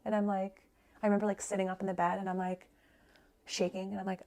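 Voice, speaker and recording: Thirties woman, rapid chatty storyteller, heavy on fillers. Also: medium pitch, flat delivery, mellow, slight background noise. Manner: rapid, conversational, full of "like" fillers. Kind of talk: personal storytelling.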